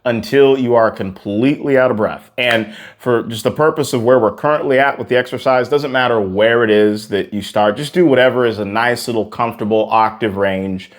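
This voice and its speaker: A man's voice: mid-range voice, fairly quick, hardly any pauses. Earnest male vocal coach, piano behind. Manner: earnest, repetitive, encouraging. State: out of breath after exercises. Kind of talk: singing lesson with demonstrations.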